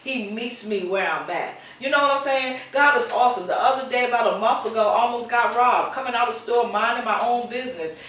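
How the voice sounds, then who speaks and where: A woman's voice: a little high, fairly quick, few pauses, fairly bright tone, a little hiss or hum. Passionate woman preaching in an echoey room. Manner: passionate, repetitive exhortation. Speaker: host. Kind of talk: informal preaching talk. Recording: very echoey, voice distant from mic.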